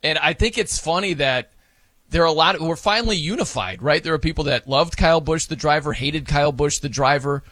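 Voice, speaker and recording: Guy on a sports show, bright tense voice, dry close sound, gets animated. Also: a little high, fairly quick, dry recording. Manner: animated, laughs, acts out wrestling announcers. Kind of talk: casual sports talk.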